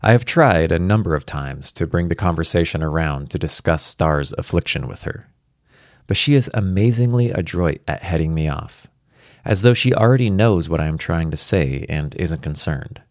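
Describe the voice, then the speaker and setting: A man reading a first-person story aloud as a worried father, in an earnest, reflective and quietly anxious way. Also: low voice, lively intonation, moderate pace, no room sound, studio quality.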